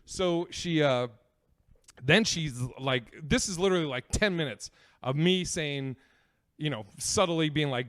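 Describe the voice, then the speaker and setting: A man's voice: on the high side, unhurried, fairly bright tone, no echo, studio quality. Rambling, profane male podcast host. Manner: rambling, profane, lots of fillers. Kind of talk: comedic storytelling.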